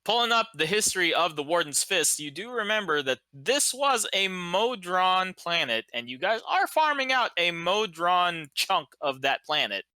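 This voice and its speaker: A man's voice: high-pitched, big pitch swings, moderate pace, hardly any pauses, sharp tone, dry recording, poor audio. A man narrating as game master in a tabletop game, casual and full of fillers. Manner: casual, filler-heavy, laughs along.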